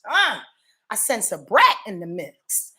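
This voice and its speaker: A woman's voice: medium pitch, slow. A woman from Yonkers, New York, giving a casual astrology forecast. She swears freely and keeps checking that viewers are following her. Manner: profane, animated, addresses viewers directly.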